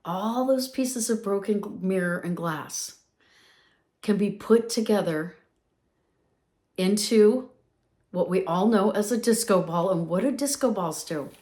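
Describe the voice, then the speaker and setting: A woman's voice: medium pitch, animated, takes it slowly, long pauses, darkish tone. A woman in her fifties hosting a motivational podcast, talking in an upbeat, emphatic way and repeating phrases for effect. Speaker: podcast host.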